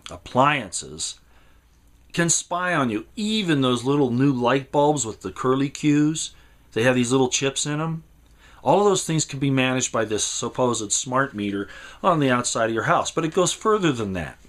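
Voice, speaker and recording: A man's voice: animated, normal speed. Emphatic man delivering a rambling warning. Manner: emphatic, rambling, repeats words, swings between loud and low. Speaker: commentator. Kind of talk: impassioned monologue.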